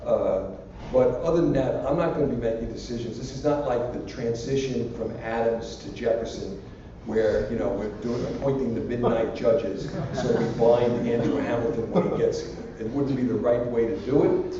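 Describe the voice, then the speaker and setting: A man's voice: mid-range voice, normal speed, few pauses, background noise. An older man, a university president, answering student questions in a rambling, anecdotal way that drifts into jokes. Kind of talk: casual public Q&A. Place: large lecture hall. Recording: echoey hall from far off, dull and lo-fi.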